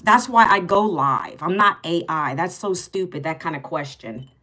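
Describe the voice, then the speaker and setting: A woman's voice: lowish voice, expressive, moderate pace, sharp tone. A woman in her fifties chatting on a live stream, greeting viewers by name and answering their comments, bluntly sarcastic with rude ones. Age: 50s. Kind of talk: casual live stream chat.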